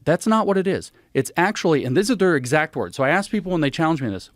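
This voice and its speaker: Podcast guest, male, emphatic, animated explainer, close dry studio mic. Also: on the high side, quick pace, no echo. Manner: emphatic, animated, cites sources. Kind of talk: conversational explanation.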